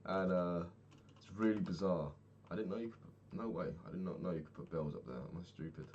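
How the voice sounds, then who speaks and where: A man's voice: sits low, a little fast, a little mellow, highs cut off, a little hiss or hum. A young man chatting casually in a video diary while playing a game, rambling, swearing freely and laughing often. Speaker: vlogger.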